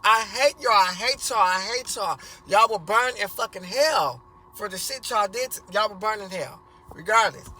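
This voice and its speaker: A man voicing a defiant teenage son who shouts curses at his family. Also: sits high, flat delivery, fast talker, few pauses, slight background noise. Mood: furious.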